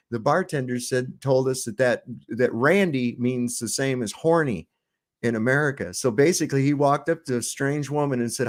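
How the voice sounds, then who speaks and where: A man's voice: medium pitch, moderate pace. Profane, chatty male storyteller. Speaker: debater. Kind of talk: casual anecdote-telling.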